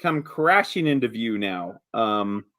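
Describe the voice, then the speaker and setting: A man narrating a tabletop game as game master, relaxed, with many fillers. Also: on the low side, slow pace.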